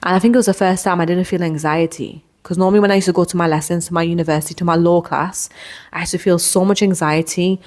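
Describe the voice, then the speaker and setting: A woman's voice: on the low side, steady tone, fast talker, darkish tone. A woman in her thirties hosting a podcast, telling a personal story in a candid, rambling way with frequent restarts. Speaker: podcast host.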